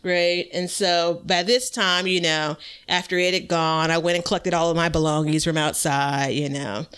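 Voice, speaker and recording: A woman's voice: on the low side, fairly even intonation, moderate pace, fairly bright tone, smooth. A woman co-hosting a podcast, telling a rambling story in casual chat and laughing often. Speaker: podcast co-host.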